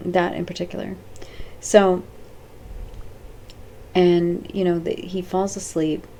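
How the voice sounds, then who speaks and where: Brief: woman vlogger, rambling and off the cuff, dark gravelly voice, faint noise behind. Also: lowish voice, flat delivery, slow pace. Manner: rambling and off the cuff, with many fillers and restarts. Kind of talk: casual talk to camera.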